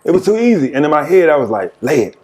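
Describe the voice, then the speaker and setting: A man's voice: on the high side, very animated, very fast, a little mellow. A man guest on a podcast, telling old basketball stories in a casual way and laughing through them. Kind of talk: casual storytelling.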